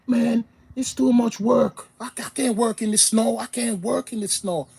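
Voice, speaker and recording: Work-shy complainer, adult male, whiny and repetitive, put on by a man, mellow husky tone. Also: very high voice, fairly even intonation, moderate pace, pitched above the performer's own voice, exaggerated voice. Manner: whiny, repeats himself. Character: grown man who refuses hard work.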